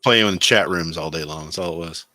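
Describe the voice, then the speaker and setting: Deep-voiced middle-aged man, rambling chat. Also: fairly quick, pushed and bright, no room sound. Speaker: podcast co-host. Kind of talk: casual chat.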